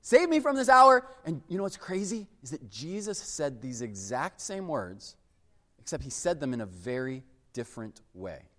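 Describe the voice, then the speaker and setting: A man preaching a sermon, emphatic and animated, dropping suddenly to a hush for weight. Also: medium pitch, moderate pace, in a large hall. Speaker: pastor.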